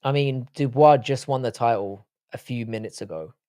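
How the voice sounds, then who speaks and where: At a moderate pace and in a mellow, mid-range voice, a man from England with a London English accent hosts a live stream. The chat with viewers is casual, joking, and full of swearing.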